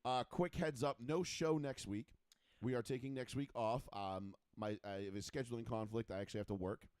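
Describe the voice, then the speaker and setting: A man's voice: mid-range voice, moderate pace, darkish tone, clean tone, no echo. A man hosting a casual talk show, bantering in a brash, joking, boastful way. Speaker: podcast host. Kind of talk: casual chat.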